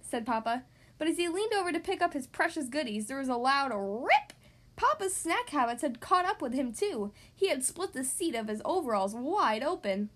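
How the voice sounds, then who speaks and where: Animated woman reading to kids. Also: high voice, brisk. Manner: expressive and animated. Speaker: children's podcast host. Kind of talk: reading a picture book aloud to young kids.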